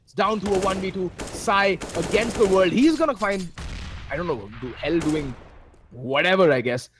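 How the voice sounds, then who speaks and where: Indian guy casting a shooter match on a headset, excitable, faint gunfire behind him. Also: normal speed, a little hiss or hum. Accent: Indian English. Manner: excitable, with sudden jumps in pitch at big plays. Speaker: esports caster. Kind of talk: play-by-play commentary.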